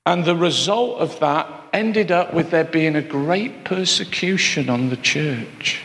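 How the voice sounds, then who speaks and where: Gravelly preacher in a reverberant hall. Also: male voice, on the high side, a little slow, hardly any pauses, a bit bright. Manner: conversational, asides and rhetorical questions to the congregation. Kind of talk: sermon.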